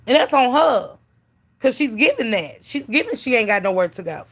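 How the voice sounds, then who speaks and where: A woman's voice: a little high, sing-song, normal speed. A woman giving blunt, profane gossip commentary to her live stream chat, preaching and calling out viewers by name.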